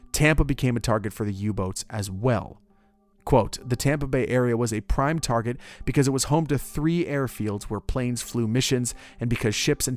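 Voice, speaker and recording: A man's voice: medium pitch, a little mellow. A man narrating history in a casual, conversational way, with joking asides.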